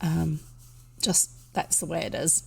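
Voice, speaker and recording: Reading a children's book aloud, a woman with a New Zealand accent speaks in a low, gravelly, slightly breathy voice at a somewhat slow pace. Her narration is steady and storybook-like, broken by casual asides to listeners.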